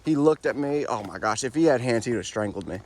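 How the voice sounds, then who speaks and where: A young man in his twenties speaks in a relaxed, wandering, reflective way. His voice sits at an ordinary middle pitch. He is recorded outdoors on a trail on a body-worn mic, and faint outdoor noise runs under his words. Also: quick pace. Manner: laid-back, rambling, reflective. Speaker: horse trainer. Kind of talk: casual vlog narration while riding. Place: outdoors on a wooded trail, on horseback.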